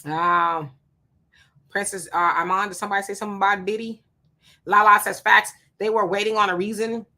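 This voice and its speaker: A woman's voice: medium pitch, fairly even intonation, brisk, sharp tone. A woman co-hosting a live stream, reading viewer comments aloud and greeting people by name in a blunt, casual way. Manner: blunt, talks back to commenters.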